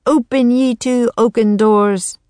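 A woman's voice: fairly high pitch, steady tone, slow, a little mellow, dry recording, voice pushed up. A woman doing a jaunty boy sorcerer. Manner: jaunty, declaiming, old-fashioned phrasing. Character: cheerful bold boy sorcerer, old-fashioned speech.

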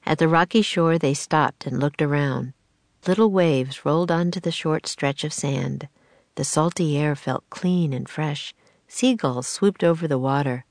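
Brief: woman with a lower voice, measured expressive storybook narration, dry close recording. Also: dry recording. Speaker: audiobook narrator.

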